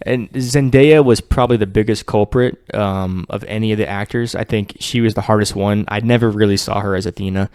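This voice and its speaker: Chatty low-voiced man, dry sound. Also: fairly even intonation, darkish tone, clear, resonant tone, no echo. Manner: chatty, acts out lines in quick impressions. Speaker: podcast co-host reviewing a film. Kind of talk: casual chat.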